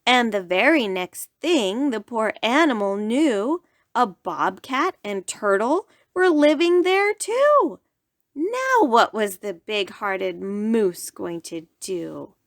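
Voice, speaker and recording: Animated woman reading a rhyming bedtime story. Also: a little high, slow, dry recording, clean studio sound. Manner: animated rhyming read-aloud.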